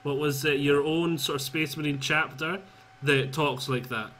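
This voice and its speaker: Bright-voiced man chatting about game lore. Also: fairly high pitch, fairly even intonation, moderate pace, a little hiss or hum. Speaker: gamer, channel host. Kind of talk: casual co-op gaming chat.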